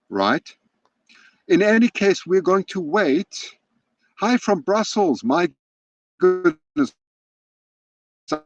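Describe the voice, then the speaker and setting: On a hilltop, a wildlife livestreamer offers casual running commentary, often backing up to restart. His voice is a little high, and the external laptop mic yields a recording with no echo and the highs cut off.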